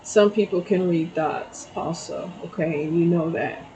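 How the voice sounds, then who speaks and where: A middle-aged woman gives a casual spiritual tarot reading, chatty and telling a story while often checking in with "okay?" Her voice is on the low side and a little slow, with a noisy background.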